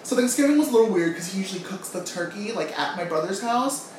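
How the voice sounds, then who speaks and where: A woman's voice: medium pitch, animated, fast talker, darkish tone. Woman, casual podcast chat, blunt and teasing, echoey room, set back from the mic. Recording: echoey room, mic at a distance, faint noise.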